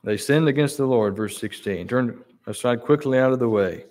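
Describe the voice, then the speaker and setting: A man's voice: mid-range voice, moderate pace, a little mellow. A man preaching a sermon, reading Bible verses aloud and repeating key words for emphasis.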